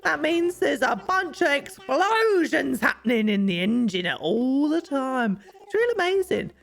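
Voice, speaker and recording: A woman reading out a goofy male dog villager in a raised, excited voice, gushing and shouting sound effects. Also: sits high, a little slow, creaky, full character voice.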